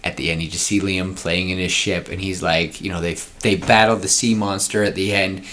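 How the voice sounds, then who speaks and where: A man hosting a podcast, pitching story ideas in a rambling casual chat with frequent laughs. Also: fairly even intonation, fairly quick, pushed and bright. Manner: rambling, laughs often, acts out scenes.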